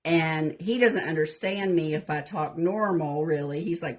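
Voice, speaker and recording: A woman's voice: deep voice, moderate pace. A woman with a Southern US accent hosting a casual craft live stream, chatting folksily with viewers while she works on a project. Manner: chatty, folksy, says y'all a lot. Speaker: craft show host.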